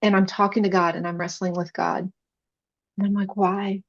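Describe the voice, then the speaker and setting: A woman's voice: on the low side, little pitch movement, a little fast, lo-fi sound. A woman podcast guest, a chaplain, telling her personal faith story in an earnest, emotional way.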